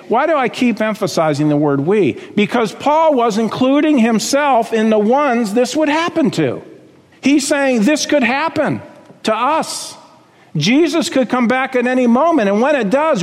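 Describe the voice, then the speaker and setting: Male preacher, high-pitched and emphatic, voice swinging up and down, reverberant sanctuary sound. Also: expressive, normal speed. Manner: emphatic, rises high on key words then drops low. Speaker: pastor. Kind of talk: sermon.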